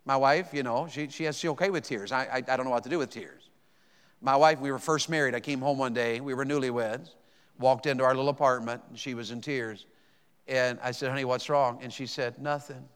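A man's voice: medium pitch, fairly quick, a bit bright, smooth. A man, a pastor preaching a sermon with emphatic calls to the congregation and stammered repeats. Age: 50s. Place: church sanctuary. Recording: echoey church hall.

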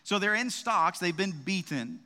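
A man's voice: sits high, expressive, moderate pace, sharp tone. A man preaching a sermon as a pastor, in a conversational style with frequent "right?" asides and restarts. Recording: long reverb of a large hall.

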